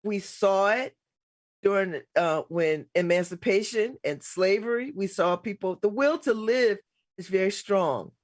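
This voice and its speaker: A woman's voice: medium pitch, a little slow, no room sound. A middle-aged woman hosting a casual political talk show, blunt and emphatic, laughing often. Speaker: radio host.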